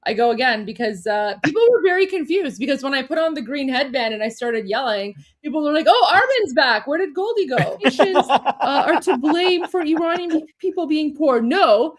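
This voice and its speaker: High-voiced woman chatting on a livestream. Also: expressive, brisk, few pauses, low-quality recording. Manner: chatty, self-correcting, talks to the chat. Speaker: co-host of a political livestream. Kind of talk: casual livestream chat.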